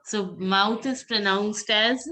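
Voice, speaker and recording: A woman teacher drills her class on pronunciation, speaking very slowly and deliberately. Her pitch sits in an ordinary middle range, and she says each word again and again with patience. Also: fairly even intonation, pushed and bright. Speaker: French teacher.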